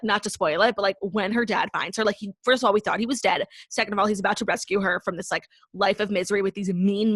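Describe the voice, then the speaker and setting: A woman's voice: medium pitch, fairly bright tone, no echo. A young woman co-hosting a podcast in casual chat, talking with lots of "like" fillers. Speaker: podcast co-host.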